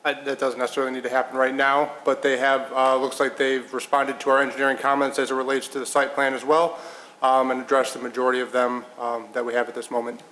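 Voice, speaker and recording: A man's voice: medium pitch, little pitch movement, quick pace, fairly bright tone, rough recording. A man giving an engineering staff report at a public meeting, hesitant with fillers. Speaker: village engineer.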